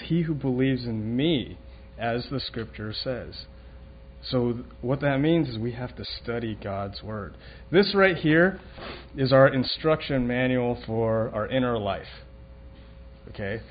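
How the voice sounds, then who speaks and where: Man preaching casually, dull lo-fi sound. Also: mid-range voice. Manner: conversational, asks the room questions, many restarts. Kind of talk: sermon. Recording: dull lo-fi recording, faint room noise.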